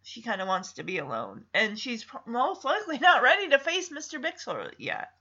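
A woman chats her way through a movie recap, easily moved by the story. Her voice is high and swings widely in pitch. The audio sounds dull and lo-fi. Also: huge pitch swings, normal speed, bright, forceful tone. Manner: emotional, chatty storytelling.

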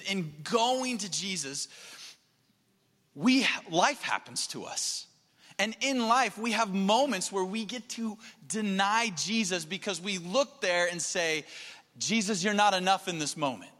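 A man's voice: high voice, expressive, measured pace, bright, forceful tone, long reverb tail. A man preaching a sermon as pastor, talking in an earnest, conversational way. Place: church sanctuary.

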